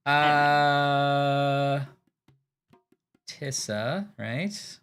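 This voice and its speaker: A man's voice: mid-range voice, extremely slow, a bit bright, smooth, faint music behind. A man chatting casually while playing a mystery puzzle game with a friend, thinking aloud with stammered fillers. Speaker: game streamer.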